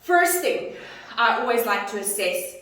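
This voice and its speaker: A woman fitness instructor talks through an online lesson in an expressive, coaching manner. Her voice bounces around a very echoey room. She sits some way from the microphone, so the sound is distant. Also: a little high, a little slow. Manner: expressive, acts out greetings to clients.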